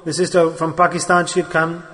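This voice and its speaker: Man, mosque sermon, earnest exhorting preacher, high voice, long echo of a hall. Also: completely flat delivery, brisk, fairly bright tone. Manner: earnest, exhorting, mixes in Arabic and Urdu religious terms.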